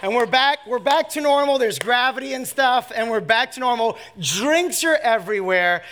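This man's voice is extremely high-pitched as he preaches, recounting a comic personal anecdote. He laughs at himself and moves lively from quiet asides to shouting.

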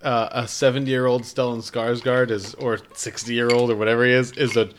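A man's voice: mid-range voice, level tone, moderate pace, a little hiss or hum. A man co-hosting a casual film review chat, dropping in dry, wry remarks and film trivia. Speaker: podcast co-host.

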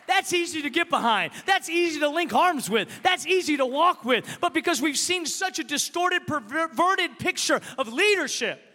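A man with a very high, bright voice delivers an impassioned sermon in a reverberant church hall. He swings from forceful declarations down to soft, hushed passages. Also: animated, moderate pace, few pauses. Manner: impassioned preaching, rising and dropping to a hush. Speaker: pastor.

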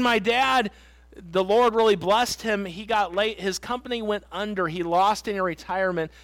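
Middle-aged male pastor, very high voice, dry close sound, earnest emphatic sermon delivery. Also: fairly bright tone, no room sound. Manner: earnest, emphatic preaching with stories and repeated refrains. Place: church sanctuary.

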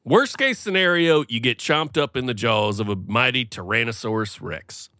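A man's voice: mid-range voice, expressive, moderate pace, pushed and bright, no echo. Dry, mock-formal man teasing. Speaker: podcast co-host. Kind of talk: casual comedic chat.

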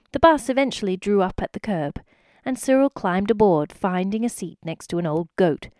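Brief: woman storyteller, mid pitch, animated reading for kids, dry close sound. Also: no room sound. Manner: expressive, addressing the listener.

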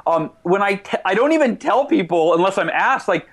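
A man with a high, bright-sounding pitch talks as a guest on a radio interview. He speaks with eager energy, stopping and restarting sentences as he goes. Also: expressive. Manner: eager, quick restarts, self-corrections. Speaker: author and guest. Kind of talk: animated interview talk.

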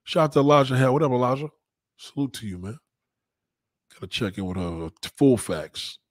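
A young man chatting casually with viewers on a livestream, rambling in profane street talk and giving shout-outs. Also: mid-range voice, animated, brisk, no echo. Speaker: livestream host.

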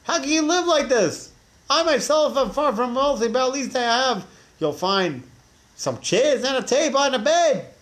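A man's voice: very high-pitched, animated, normal speed, fairly bright tone, pitched above the performer's own voice. A man voicing a poor, exasperated male villager who complains in incredulous questions. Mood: indignant.

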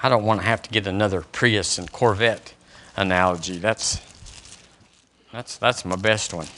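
Bright, animated pastor preaching. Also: male voice, lowish voice, moderate pace. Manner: animated preaching, quizzes the congregation. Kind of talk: sermon. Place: church service.

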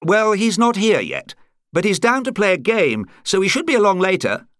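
Brisk, mildly irritated male club captain, voiced by a male reader, higher than his own voice. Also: huge pitch swings, fairly bright tone, dry recording, clean studio sound, exaggerated voice. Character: busy middle-aged male chess club captain.

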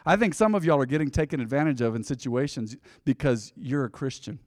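Pastor telling a sermon story. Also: male voice, mid-range voice, brisk, dry recording, studio quality, long reverb tail. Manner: storytelling preacher, swings from loud exhortation to hushed asides.

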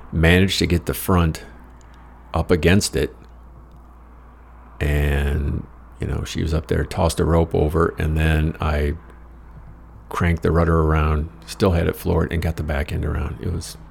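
Casting: American man, very low gravelly voice, wry profane storyteller, faint hiss behind. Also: level tone, a little slow. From United States. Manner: wry, profane, rambling with self-mocking asides. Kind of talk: casual personal storytelling.

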